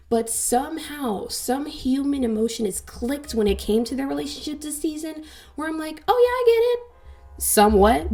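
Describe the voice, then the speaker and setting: A woman talking through a TV season in a casual review vlog, chatty and animated, acting out bits of dialogue as she goes. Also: on the high side. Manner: chatty, animated, dramatizes with quoted voices. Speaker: TV show reviewer.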